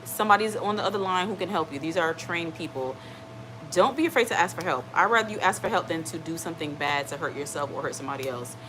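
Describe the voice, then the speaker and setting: A woman's voice: fairly low pitch, expressive, quick pace, a bit bright, a little hiss or hum, poor audio. A woman hosting a live stream in casual chat. She rambles, reads out viewer comments and reassures people, often checking in with "okay?". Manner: reassuring, keeps asking "okay?".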